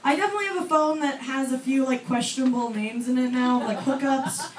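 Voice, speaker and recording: A young woman performing a chatty, self-deprecating stand-up set on a comedy club stage, with lots of fillers and quick asides to the audience. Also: high voice, slight background noise. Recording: roomy club audio from far off, with loud crowd laughter.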